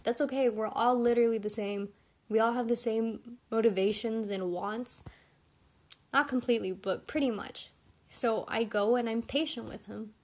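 A young woman hosting a podcast, talking casually and chattily to her listeners with frequent fillers. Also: on the high side. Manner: chatty, informal, with fillers and laughs. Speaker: podcast host. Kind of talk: casual advice monologue.

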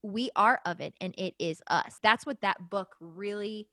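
A woman's voice: medium pitch, unhurried, pushed and bright, no room sound. Earnest young woman host, dry close sound. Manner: earnest, searching, many "like" fillers. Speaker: podcast host. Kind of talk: reflective spiritual conversation.

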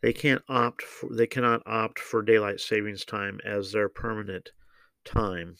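A man giving opinionated solo political commentary, measured and deliberate, with frequent ums and uhs. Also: lowish voice, little pitch movement, vocal fry, fairly bright tone, no echo.

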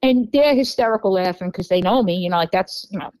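A woman's voice: medium pitch, fast talker, no room sound, low-quality recording. Chatty woman telling a wild story. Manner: animated anecdote-telling, full of "you know" and "like", swears freely. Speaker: podcast guest. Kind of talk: casual storytelling.

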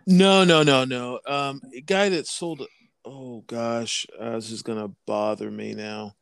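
A man's voice: mid-range voice, steady tone, measured pace, vocal fry, a bit bright, clear, resonant tone, no room sound, clean studio sound. A man co-hosting a podcast in casual chat, rambling and restarting as he searches for words. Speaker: podcast co-host.

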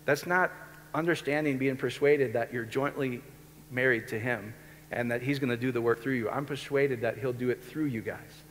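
A man preaching a sermon in a loose conversational way, often checking in with his listeners with quick questions. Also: medium pitch, fairly bright tone, slight background noise. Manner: conversational, keeps checking in with the audience. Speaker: pastor. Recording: long hall reverb.

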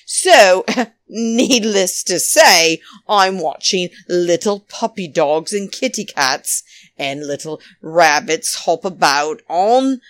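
A woman's voice: lowish voice, lively intonation, slow, a bit bright, no echo. Chatty, theatrical woman hosting a podcast. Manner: chatty and theatrical, keeps calling listeners darlings. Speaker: podcast host. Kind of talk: casual rambling podcast monologue. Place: home, New York.

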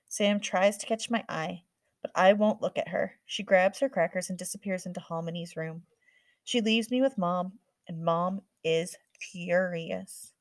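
A woman narrating a first-person audiobook in a quick, earnest storytelling manner. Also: fairly low pitch, no room sound.

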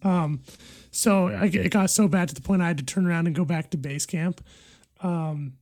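A young man casually recounting travel memories, relaxed and hesitant with many fillers. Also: high-pitched, normal speed. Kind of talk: casual storytelling chat.

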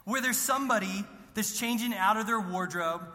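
A man's voice: high voice, moderate pace, sharp tone. A man who is a student pastor preaching a sermon, telling stories in a chatty way with self-deprecating jokes, in a church sanctuary. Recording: long reverb of a large hall.

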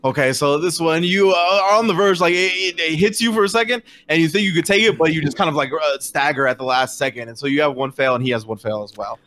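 A man's voice: a little high, fairly bright tone. A young man running a tabletop game as game master, narrating casually with lots of fillers and the odd swear word. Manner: casual, many fillers, quick to swear and laugh.

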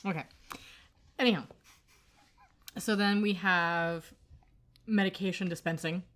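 Woman on a podcast going over an episode, kinda low voice, lots of um and like. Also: a little slow. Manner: animated retelling, acts out quotes, many fillers. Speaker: podcast co-host. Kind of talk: casual recap chat.

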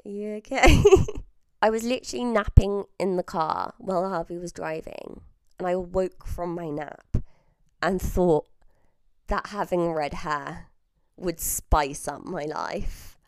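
Feeling unwell, a southern English podcast host in her early twenties tells stories in a casual, chatty way, often laughing and now and then dropping to a whisper. She speaks unhurriedly in a fairly low, smooth, slightly mellow voice, very close to the mic. The studio-quality audio has no room sound.

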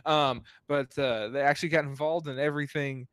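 A man's voice: a little high, fairly even intonation, brisk, fairly bright tone, clean tone, no echo. A man hosting a casual chat, upbeat and jokey, laughing often. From Texas. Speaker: host.

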